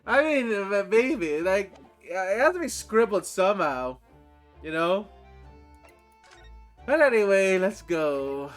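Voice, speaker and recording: Brief: male game streamer, excitable and sweary, high pitch. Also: slow, long pauses, soft background music. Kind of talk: live gameplay commentary.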